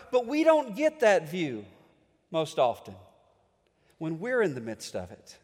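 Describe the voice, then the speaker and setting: A middle-aged man preaching a sermon, reading scripture dramatically and swinging between booming passages and hushed ones. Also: huge pitch swings, measured pace, pauses often. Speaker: pastor. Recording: long hall reverb.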